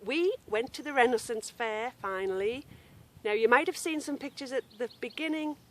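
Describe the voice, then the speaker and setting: This woman's voice is a little high, and she speaks at a normal speed. She's hosting a knitting podcast outdoors in a grassy yard, chatty and apologetic, interrupting herself to call a wandering dog.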